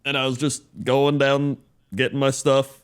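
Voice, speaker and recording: A man's voice: medium pitch, monotone, unhurried, clean tone. A man co-hosting a podcast in casual chat, telling a rambling story and chuckling often. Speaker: podcast co-host.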